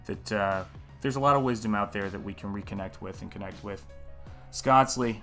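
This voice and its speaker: Low-ish guy streaming while he paints, earnest rambly chat, greets viewers, faint music behind. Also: brisk, fairly bright tone. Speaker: artist hosting a live painting stream.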